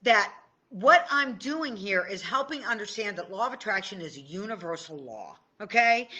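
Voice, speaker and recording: A middle-aged woman from Indiana coaching viewers through a casual livestream from home. Her voice is bright and forward, and she chats, jokes and breaks off her own sentences. It sounds like a phone or webcam picking her up indoors. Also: mid-range voice. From Indiana, USA. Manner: chatty, joking, self-interrupting. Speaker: tapping and law of attraction coach.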